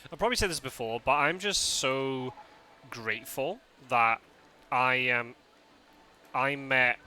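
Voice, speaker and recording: A man's voice: medium pitch, bright, forceful tone. A Scottish man streaming a game live, chatting casually with his viewers, often laughing and restarting his sentences. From Scotland.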